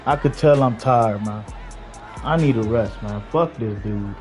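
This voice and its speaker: A man's voice: on the low side, a little slow, darkish tone, some chatter behind. A man streaming a football video game, talking casually to his chat, worn out, weary and swearing freely. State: tired. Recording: dull lo-fi sound, faint game music.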